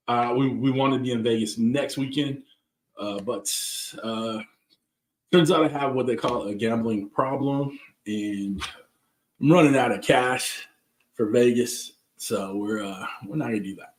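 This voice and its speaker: A man's voice: mid-range voice, a little slow, pauses often, reverberant, a little hiss or hum. A man with a Southern California accent hosting a casual live cooking stream, chatting loosely and greeting viewers by name. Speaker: cooking channel host. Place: backyard, outdoors.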